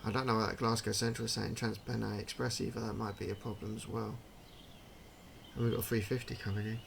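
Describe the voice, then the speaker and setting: A man's voice: on the low side, little pitch movement, a little fast, vocal fry, fairly bright tone, slight background noise. A man giving casual, chatty commentary while playing a train game, thinking aloud and puzzling over details. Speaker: gaming channel host.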